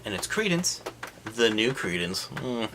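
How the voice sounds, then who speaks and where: A man giving a sarcastic, animated comedic recap of a movie, mocking the scenes and popping into quick silly voices for the characters. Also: mid-range voice, slight background noise.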